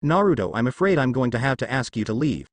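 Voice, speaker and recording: A man gives voice to a composed adult woman ninja teacher with a dry, teasing way of talking. Her lines move with lively pitch, recorded close and dry. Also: fast, no echo, natural voice. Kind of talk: fan fiction reading.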